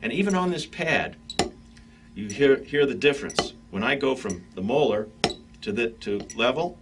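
A man teaching drum stick technique in a relaxed, conversational way, talking straight to his students between demonstrations. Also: medium pitch, moderate pace. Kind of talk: instructional demonstration. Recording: practice pad clicks and noise behind.

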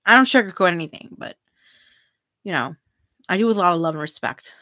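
A woman's voice: on the low side, a little fast, bright, forceful tone, no echo, clean studio sound. A middle-aged woman hosting a free tarot reading livestream, chatting casually, giggling often and reading viewer comments aloud.

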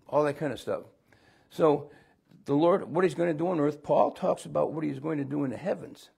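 A man's voice: fairly high pitch, gravelly, darkish tone, husky. A middle-aged man teaching a conversational Bible lesson, rambling with folksy asides and restarts.

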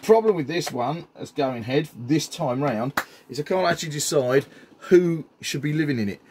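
A man's voice: on the high side, lively intonation, moderate pace, noisy background. A middle-aged man, chatting enthusiastically while showing off his hobby builds, with frequent ums. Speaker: scenery builder. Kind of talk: casual hobby show-and-tell.

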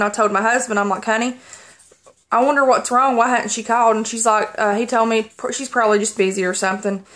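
Tearful woman telling a story haltingly. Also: medium pitch, a bit bright. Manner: halting, rambling, many pauses and restarts. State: holding back tears. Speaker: vlogger. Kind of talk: personal story to camera.

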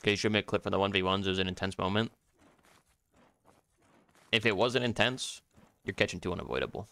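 A man's voice: low-pitched, fast. A young man streaming his gameplay, chatting casually with viewers, joking and swearing as he plays. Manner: profane, joking, excitable.

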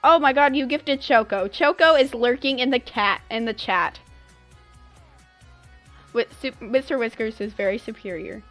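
A woman's voice: a little high, moderate pace, fairly bright tone, faint music behind. A young woman streaming a game live, effusively and dramatically thanking her viewers with lots of exclamations.

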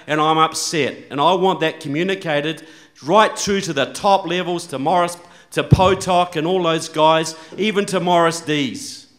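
A man addressing a conference audience in a fairly high voice. He complains in a mock-wounded, sarcastic deadpan, building his grievance for comic effect. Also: moderate pace. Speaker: conference speaker. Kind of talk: public speech at a conference.

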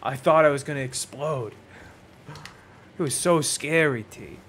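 A young man co-hosting a casual let's-play stream, joking and breaking into laughs and mock shouts. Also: mid-range voice, measured pace, slight background noise. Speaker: co-host.

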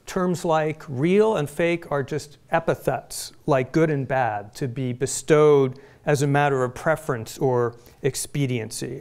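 A middle-aged man from Phoenix giving a prepared public lecture, measured and deliberate, with pointed emphasis. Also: medium pitch, creaky, a little mellow. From Phoenix, Arizona, US. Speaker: guest lecturer. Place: lecture hall.

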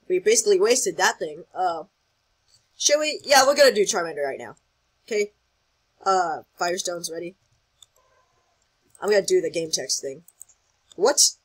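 An excitable host rambles through casual gameplay commentary, thinking out loud and reacting as things happen in the game. The voice sits at a middling pitch with a husky, breathy edge. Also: rough recording. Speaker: gaming channel host.

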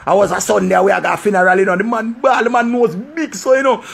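A man with a Jamaican accent telling a story in casual, animated talk, slipping into patois and slang. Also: high voice, fast talker, vocal fry, breathy edge. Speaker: vlogger.

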